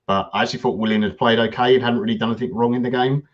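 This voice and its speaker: A man co-hosting a football podcast, talking in a relaxed way with lots of ums and measured opinions. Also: mid-range voice, lo-fi sound. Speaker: podcast co-host. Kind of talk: casual football chat.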